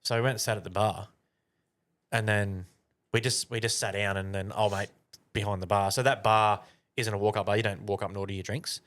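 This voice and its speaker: A young man with a fairly low voice, spinning a rambling yarn as a podcast co-host. He swears constantly and keeps it loose and conversational. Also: steady tone, brisk, fairly bright tone. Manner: swears a lot, rambling anecdote. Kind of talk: casual storytelling chat.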